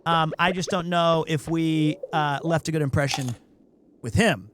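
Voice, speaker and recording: A man with a fairly high voice tells a casual, rambling anecdote while he streams a game. He keeps circling back and restarting his sentences. A faint hiss sits under his voice. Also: unhurried. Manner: rambling, self-correcting, animated anecdote.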